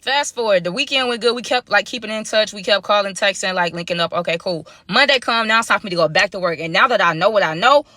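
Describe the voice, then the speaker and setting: A woman's voice: mid-range voice, quick pace, hardly any pauses, pushed and bright, dry recording. A young woman casually telling a story to her viewers in a chatty, slangy way, speaking to them directly.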